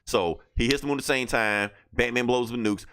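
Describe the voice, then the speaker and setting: A man's voice: medium pitch, fairly quick, a bit bright, clear, resonant tone. A man hosting a podcast, recapping comic books in a loose, profane, casual way. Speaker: podcast host.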